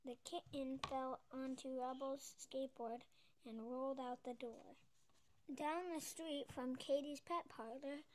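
A woman reading a children's picture book aloud as a storybook reader, gentle and expressive. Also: sits high.

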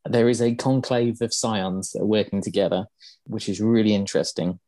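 A man's voice: lowish voice, steady tone, fairly quick, mellow, no echo. A man hosting a podcast, casually explaining game lore with many ums and uhs. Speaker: podcast host.

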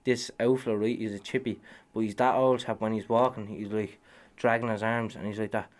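A man co-hosting a casual podcast, telling lively, laughing stories and putting on the voices of workmates. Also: on the low side, brisk. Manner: loud laughing storyteller, puts on voices of workmates. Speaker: podcast co-host. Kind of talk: casual banter.

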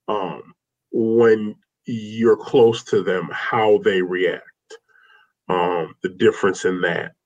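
A man talking as an interview guest, telling personal stories in an earnest, rambling way with many restarts. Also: lowish voice. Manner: heartfelt, rambling with restarts, says "man" often. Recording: slightly dull lo-fi sound.

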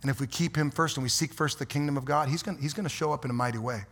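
A man preaching a fiery, folksy sermon as pastor in a church, swinging from quiet asides to loud exhortation. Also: a little high, racing. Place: church sanctuary.

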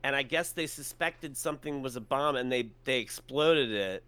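A man's voice: medium pitch, moderate pace, bright, forceful tone, clean tone. A man telling a story in casual chat, rambling with many fillers and restarts and casual swearing.

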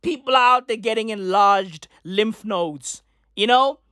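A woman's voice: mid-range voice, takes it slowly, bright, forceful tone, dry recording, clean studio sound. Profane rambling woman in a comedic rant. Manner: repeats filler tags.

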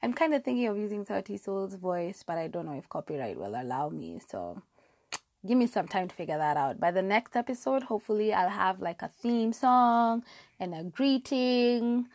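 A very animated young woman with a slightly mellow mid-range voice hosts a casual solo podcast from her bedroom at a moderate pace, with no echo. She rambles chattily and self-deprecatingly, full of fillers and restarts, on a lapel mic clipped to her hair.

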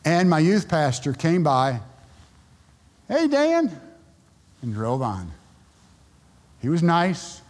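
A male pastor preaches a sermon full of stories, acting out the voices of the people he quotes. His fairly high voice has lively intonation, and he speaks slowly with frequent pauses. A long reverb tail follows his words.

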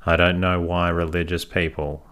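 A man narrating a first-person story as an audiobook, in a measured, unhurried way. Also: deep voice, flat delivery, fairly bright tone.

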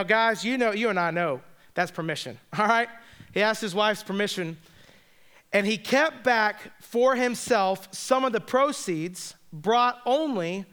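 A man's voice: high voice, fairly bright tone, clear, resonant tone. A man preaching a sermon in a conversational, joking way, speaking straight to the congregation. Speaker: pastor.

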